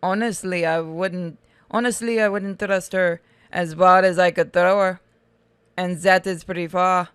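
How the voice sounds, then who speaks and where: A hulking, foul-mouthed male convict, as a woman voices him, drawls slowly. The tone is smooth and resonant. The sound is dry and close. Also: lowish voice, steady tone, no room sound, natural voice. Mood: blunt. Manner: slow, drawling and crude. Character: hulking male convict lifting weights, blunt and crude.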